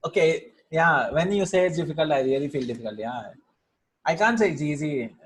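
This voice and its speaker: Man with a slightly high voice, informal teacher, reads word lists, keeps asking right?. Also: lively intonation, moderate pace, low-quality recording. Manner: informal, thinks aloud, tags lines with "right?" and "yeah?"; reads each word, then glosses it. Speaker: Arabic teacher. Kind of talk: casual lesson explaining vocabulary and grammar.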